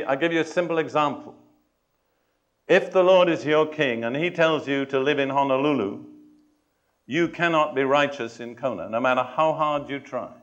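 A man preaching a sermon to a congregation. He speaks in a measured, emphatic way, puts questions and challenges to his listeners, and adds touches of dry humor. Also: on the high side, fairly bright tone, dull audio. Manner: addresses and challenges the congregation directly.

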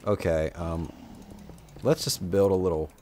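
A young man with a deep, darkish voice speaks a little slowly while giving casual, self-mocking commentary on a video game, chatty and given to sudden outbursts at enemies. The let's-play recording has a little hiss or hum.

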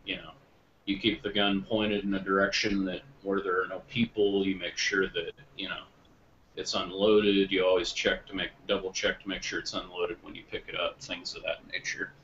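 A man chatting casually on a podcast, rambling and correcting himself, getting animated when he retells stories. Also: sits low, normal speed. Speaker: podcast co-host. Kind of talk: casual chat. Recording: muffled lo-fi online call audio with faint noise.

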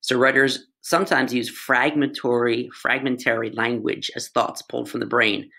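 Gravelly-voiced man teaching grammar playfully. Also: medium pitch, little pitch movement, moderate pace, bright, forceful tone. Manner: playful, self-joking, asides to students. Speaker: English tutor. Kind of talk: casual grammar lesson.

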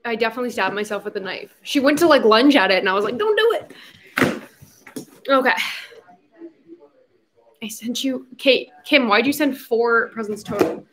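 A woman's voice: fairly high pitch, normal speed, fairly bright tone. A young adult woman hosting a casual livestream, chatty and giggly, slipping into baby talk with her puppy. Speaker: livestream host.

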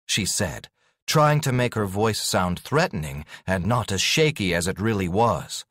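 A man narrating a fantasy audiobook in a scripted, expressive way, recorded on a studio microphone. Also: on the low side, a little slow, no room sound.

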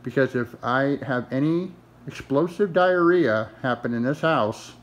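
A man's voice: mid-range voice, measured pace. A man scolding his dog in a mock-stern, exasperated, sarcastic way, talking to it like a person.

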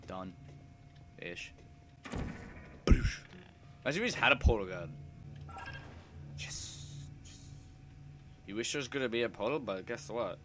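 A young man giving casual, swear-heavy commentary while playing a video game, excitable and prone to sudden loud yelps. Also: lowish voice, a little slow, long pauses, background noise. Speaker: let's play gamer.

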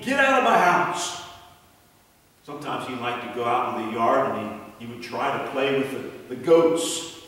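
A man preaching a children's sermon, telling a story in an animated way and then praying. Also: mid-range voice. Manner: animated storyteller, voice rising for quoted characters. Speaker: pastor. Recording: echoey hall from far off.

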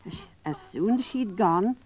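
A woman narrating a story for young children in a gentle, coaxing way, talking straight to them. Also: medium pitch, sing-song, unhurried.

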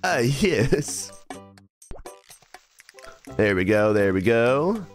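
A man's voice: medium pitch, very animated, extremely slow. Young man, live game stream, restless chatter, self-mocking, faint background music. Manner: restless, self-mocking, repeats phrases under his breath. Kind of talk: live gameplay commentary.

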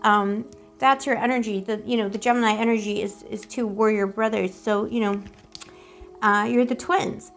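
A woman's voice: mid-range voice, steady tone, moderate pace, soft background music. A woman giving a casual, rambling tarot reading to the camera, playful and affectionate, full of pet names and giggles. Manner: giggly, self-teasing. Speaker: tarot reader.

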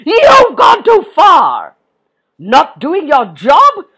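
A woman voicing a furious male walrus leader who shouts and scolds, stretching out his words. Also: extremely high pitch, wildly swooping pitch, very slow, voice pushed up, full character voice.

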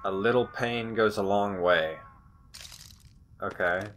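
A man's voice: lowish voice, slow, slight background noise. Sarcastic man cursing through a horror game. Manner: sarcastic, swears often, yells at the game. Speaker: gamer. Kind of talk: horror let's play commentary.

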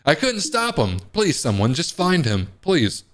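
A man's voice: fairly high pitch, wildly swooping pitch, unhurried. A man voicing a frantic mother rabbit in a game, pleading in a put-on accent.

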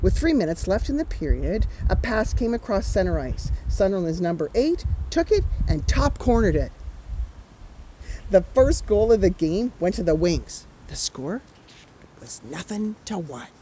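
A woman's voice: medium pitch, a little slow, slight background noise, rough recording. A woman from Canada, an author reading her picture book aloud with chatty asides to children. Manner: animated, chatty asides to young listeners. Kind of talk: children's storytime read-aloud.

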